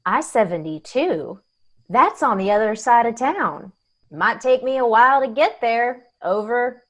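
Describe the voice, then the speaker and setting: A woman's voice: fairly high pitch, animated. An actress playing a young woman tow truck driver who talks in a wry, confiding way. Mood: mock-official. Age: young adult. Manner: wry, confiding, quick to laugh. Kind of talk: audio drama acting.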